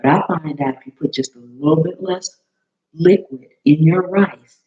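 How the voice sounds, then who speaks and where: Woman, live-stream cooking host, chatty and welcoming, slightly hoarse, muffled webcam audio. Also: moderate pace. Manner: chatty, greets viewers by name, bursts into high excited greetings. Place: home kitchen.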